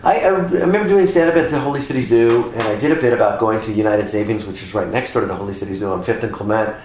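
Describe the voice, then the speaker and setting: A man from California, a podcast guest, chatting casually and telling lively stories that slip into impressions. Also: lowish voice, fast talker, a little hiss or hum. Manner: animated storyteller who slips into voices. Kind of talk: casual chat. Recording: echoey room.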